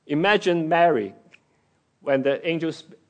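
A man preaching a sermon in an unhurried, emphatic way. His voice sits high for a man. He acts out scripture quotes with dramatic shifts in tone. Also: creaky.

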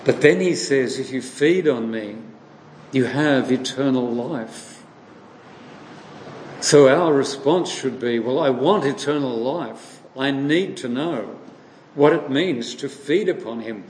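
A man preaching a sermon slowly and deliberately, posing questions to his listeners and answering them himself. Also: mid-range voice, a little mellow. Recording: echoey hall with long reverb, faint noise.

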